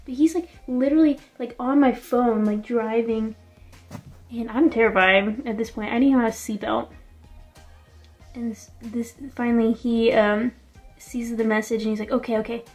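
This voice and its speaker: A woman's voice: on the high side, normal speed, darkish tone, soft background music. A young woman vlogging from a small room, telling a story casually and filling her speech with "like". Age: young adult. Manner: chatty, fills speech with "like". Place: small quarantine room indoors.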